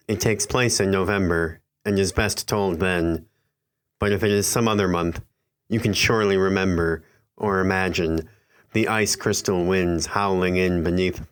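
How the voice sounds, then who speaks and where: A man with a very deep voice narrates a literary horror tale. His reading is slow, measured and somber, scripted storytelling from start to finish.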